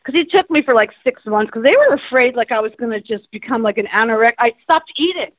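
A woman's voice: on the high side, fast talker, no room sound, phone-quality sound. A woman from New Jersey, a musician guest telling her story bluntly with plenty of swearing. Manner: blunt, profane, animated storyteller. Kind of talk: candid storytelling.

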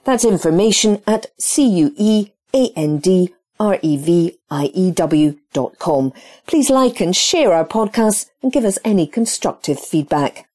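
A woman announcer reading a scripted notice, spelling out contact details carefully and clearly. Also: on the low side, expressive, unhurried, warm tone. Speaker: podcast announcer.

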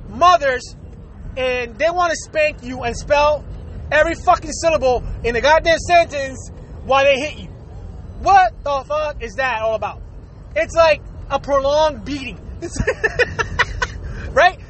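A man from the United States hosting a podcast, delivering a profane, animated comedic rant and laughing often. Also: very high voice, slight background noise, rough recording. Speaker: podcast host.

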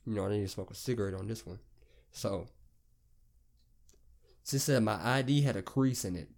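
Gravelly young Southern man ranting. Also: fairly low pitch, normal speed, a little mellow. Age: young adult. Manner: profane, rambling storytelling. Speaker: podcast host. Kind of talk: casual rant.

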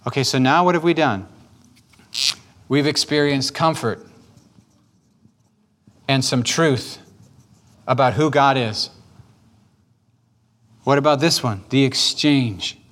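Gentle pastor guiding a prayer. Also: male voice, medium pitch, slow, long pauses. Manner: gentle, patient, repetitive coaching. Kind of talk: guided prayer sermon.

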